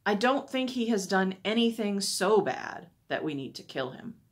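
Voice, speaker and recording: A woman's voice: mid-range voice, very animated, moderate pace. A woman reading a worried Roman governor. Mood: insistent. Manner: questioning, then loud and insistent. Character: worried Roman governor, adult man, powerful but fearful.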